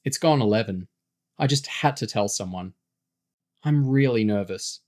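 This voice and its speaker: A man's voice: lowish voice, animated, normal speed, a little mellow, close to an everyday voice. A man reading a story aloud, voicing a chatty, slightly nervous teenage girl who brushes things off. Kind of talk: audiobook character voice.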